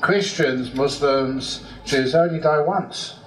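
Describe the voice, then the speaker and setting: Monk teacher, male, humorous and chuckling, higher voice, echoey hall, distant mic. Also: slow pace, fairly bright tone. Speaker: Buddhist monk teacher answering audience questions. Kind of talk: talk with storytelling. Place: hall at a Buddhist centre. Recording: roomy hall, distant mic, faint noise.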